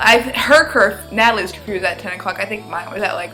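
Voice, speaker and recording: A woman's voice: medium pitch, pushed and bright, soft background music. A seventeen-year-old girl telling a storytime vlog, rambling, laughing and swearing freely. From Arizona, US. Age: teens. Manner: profane, laughing, fast rambling. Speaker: vlogger.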